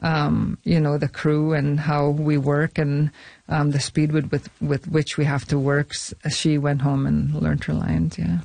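A woman's voice: sits low, level tone, a little slow, creaky, dark tone, no room sound. A middle-aged woman, a film director and actor, talking casually in an interview with many fillers, restarts and frequent laughs.

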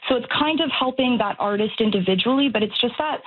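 A woman calling in to a radio talk show, speaking casually and animatedly, with quick restarts. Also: fairly high pitch, slightly rough, phone-quality sound. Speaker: caller. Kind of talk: radio call-in.

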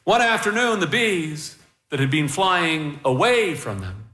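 A man narrating a storybook slowly, with a lively, rising and falling voice and a bright edge. His reading echoes in a roomy space. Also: fairly high pitch. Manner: slow, expressive, warmly paced narration.

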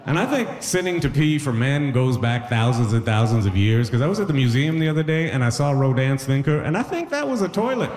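A man's voice: mid-range voice, a little fast, hardly any pauses, darkish tone, some chatter behind, a little hiss or hum. A middle-aged man doing a stand-up set on a concert hall stage. He talks in a casual, self-mocking way and chuckles at his own jokes. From Toronto area, Canada. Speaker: stand-up comedian.

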